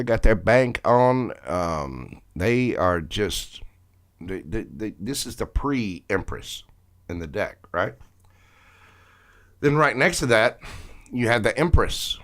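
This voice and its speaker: A man reading tarot cards on a live stream, chatting with viewers and greeting them by name. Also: fairly low pitch. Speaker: tarot reader.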